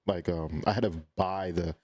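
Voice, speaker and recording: Guy on a podcast, kinda low voice, gets animated telling stories, acts out what he said. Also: normal speed, a loud crowd. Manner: animated storyteller, quotes himself often. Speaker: podcast guest, content creator. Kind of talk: casual chat.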